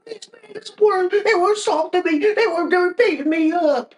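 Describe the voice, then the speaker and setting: A podcaster putting on a high, whiny, crying voice to mock a protester. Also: moderate pace. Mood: whining mock. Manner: high whiny mocking wail.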